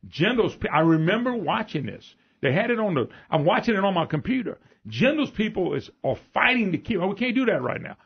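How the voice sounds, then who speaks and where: A man with a Louisiana Southern accent hosting a radio talk show, telling rambling folksy anecdotes in an animated way. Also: high voice, a little fast, vocal fry, few pauses, husky. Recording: dull lo-fi radio broadcast.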